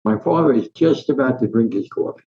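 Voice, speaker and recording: A man's voice: mid-range voice, brisk. An older man from New Jersey, a guest in an interview, telling stories and acting out the voices of the people in them. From Newark, New Jersey, US. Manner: animated raconteur, acts out quoted voices. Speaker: interview guest, sports columnist. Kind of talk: anecdotal storytelling in an interview. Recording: slightly dull lo-fi sound.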